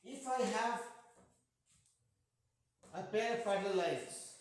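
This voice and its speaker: A man's voice: high voice, slow pace. A man with an Indian accent teaching a math class, patient and jokey, often checking in with students. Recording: echoey room.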